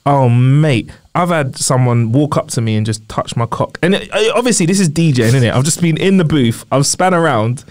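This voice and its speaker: A man's voice: mid-range voice, animated, moderate pace, hardly any pauses. Northern english bloke on a podcast, mid voice, teasing his mate and telling stories. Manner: teasing, storytelling. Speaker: podcast co-host. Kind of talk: casual banter.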